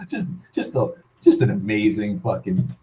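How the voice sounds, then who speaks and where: A man's voice: on the low side, dark tone, low-quality recording. A man ranting as he tells a personal story, swearing constantly, heated and full of restarts. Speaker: vlogger. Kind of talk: rambling personal storytelling rant.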